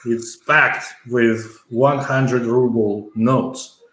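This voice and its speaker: Speaking extremely slowly, a middle-aged man from the former Soviet Union tells a long story as an interview guest. His mid-range voice has a fairly bright tone and fairly even intonation, with many fillers and restarts in this conversational storytelling, heard in an echoey room.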